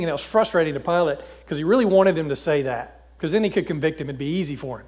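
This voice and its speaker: A man's voice: fairly high pitch, quick pace, few pauses, a little mellow. Casual, filler-laden preaching man. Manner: conversational, paraphrases with lots of fillers and restarts. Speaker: pastor. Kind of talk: casual sermon with scripture reading.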